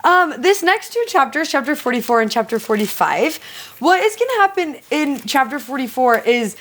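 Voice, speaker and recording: A young woman co-hosting a casual scripture discussion, telling stories in a lively way with many fillers. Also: high-pitched, moderate pace. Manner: animated storyteller, frequent "like" fillers. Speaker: co-host of scripture study show.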